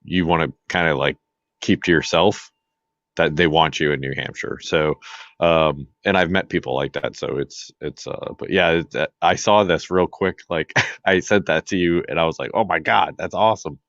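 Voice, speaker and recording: A man with an extremely deep, low voice, co-hosting a podcast in a relaxed political chat. He rambles and restarts his sentences often. The audio is dry and a little muffled. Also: normal speed, dry recording. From Massachusetts. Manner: rambling, many fillers and restarts. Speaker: podcast co-host.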